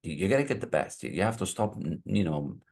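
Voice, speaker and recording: Coach type: very low-voiced man, breathy and husky, loose rambling delivery. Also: very animated, fast talker, darkish tone. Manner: casual, rambling, searches for words. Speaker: business coach. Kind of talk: sales pitch to viewers.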